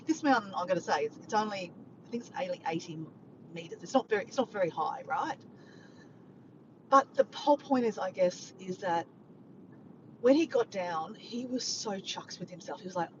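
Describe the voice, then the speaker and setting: A woman's voice: mid-range voice, animated, moderate pace, a little mellow. A woman, chatting casually to camera in a rambling, upbeat vlog. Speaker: vlogger. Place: in a car while driving. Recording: muffled with clear road noise.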